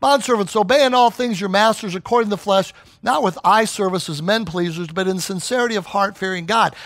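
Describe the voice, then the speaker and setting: High-voiced, animated male pastor preaching. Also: brisk, no echo. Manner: animated storyteller who acts out quoted voices. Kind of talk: sermon.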